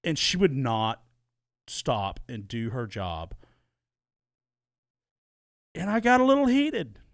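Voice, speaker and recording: In a casual podcast conversation, this co-host rambles and keeps restarting his words, recorded dry in a small soundproofed studio. He speaks slowly at medium pitch, his intonation swooping wildly.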